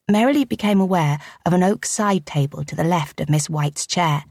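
A woman reading a novel aloud as an audiobook narrator, with measured, arch storytelling delivered close to a studio mic. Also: fairly low pitch, darkish tone, no echo. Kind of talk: scripted narration.

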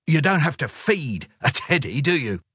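Man doing a stern male dog, fussy interviewer, storybook, husky, pitched up. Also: big pitch swings, fairly bright tone, dry recording, clean studio sound, exaggerated voice. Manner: stern, chuckling, drawn-out growls.

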